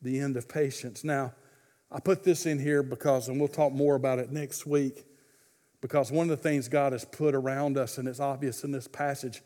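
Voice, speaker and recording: A man preaching a sermon, swinging between loud, fervent exhortation and hushed, intimate pleading. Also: medium pitch, steady tone, normal speed, big-room sound. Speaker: pastor.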